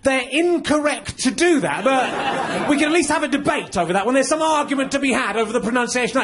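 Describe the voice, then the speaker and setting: A man's voice: very high-pitched, expressive, a little fast, hardly any pauses. A man doing stand-up comedy, ranting with indignant mock outrage. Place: comedy stage before a live audience. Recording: live show with crowd laughter and noise. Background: audience laughter.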